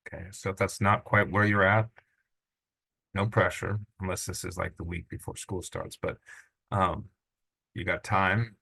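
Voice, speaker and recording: A man teaching a recorded language lesson, relaxed and chatty, with many fillers. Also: deep voice, a little slow, gravelly, pauses often, husky. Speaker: Greek teacher.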